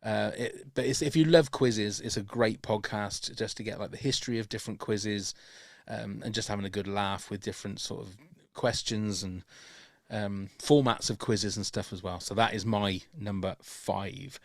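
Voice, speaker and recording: A man's voice: lowish voice, fairly even intonation, moderate pace, gravelly, dry recording, clean studio sound. A man hosting a podcast, chatting with enthusiasm and lots of restarts. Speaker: podcast host. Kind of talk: casual podcast chat.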